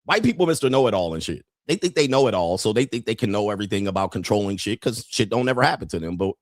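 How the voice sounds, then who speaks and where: A man's voice: lowish voice, lively intonation, quick pace, dry recording, studio quality. A man hosting a show, delivering a blunt, profane casual rant that repeats its points and acts out quoted voices. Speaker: show host.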